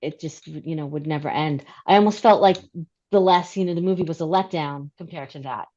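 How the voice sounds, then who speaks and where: A woman's voice: sits low, brisk, mellow, dull audio. A middle-aged woman chatting in a book club discussion, talking easily and laughing often.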